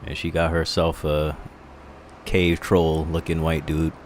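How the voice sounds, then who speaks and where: A man's voice: rumbling low, completely flat delivery, measured pace, slight background noise. A man hosting a stream, reacting to clips with crude jokes and frequent laughter. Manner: crude, joking, laughs often. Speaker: stream host. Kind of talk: casual reaction commentary.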